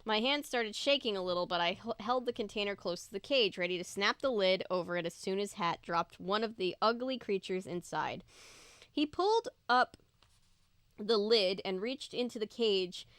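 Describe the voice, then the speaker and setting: Woman host, mid-pitched, reads a kids' horror book aloud with loose chatty asides; dry, close mic. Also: normal speed, few pauses, fairly bright tone, clean tone, dry recording. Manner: casual, chatty remarks to viewers between passages. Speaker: book reader and video host.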